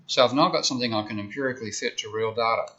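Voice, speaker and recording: Bright-voiced man lecturing. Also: mid-range voice, rapid-fire. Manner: conversational, explains step by step with frequent "okay?". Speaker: economics lecturer. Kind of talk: university lecture. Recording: dull lo-fi lecture recording.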